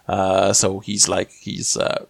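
A man's voice: low-pitched, completely flat delivery, slow pace, gravelly, no echo. Rambling man recapping a show, dry sound. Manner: rambling, many fillers, acts out quotes. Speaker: podcast co-host. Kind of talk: casual chat recapping a TV episode.

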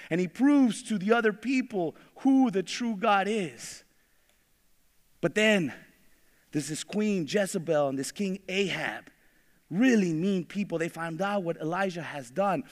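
Preacher guy, high-ish voice, lively, acts out the bible folks in slang, big echoey church. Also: measured pace. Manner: animated, acts out biblical figures in casual slang. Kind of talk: sermon. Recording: long reverb of a large hall.

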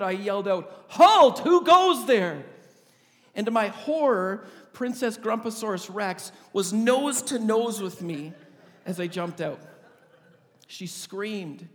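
A high-pitched man preaches through a funny, vividly told story, as a pastor addressing his congregation. His voice rings out with a long reverb, as if recorded in a large hall. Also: unhurried. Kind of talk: storytelling sermon.

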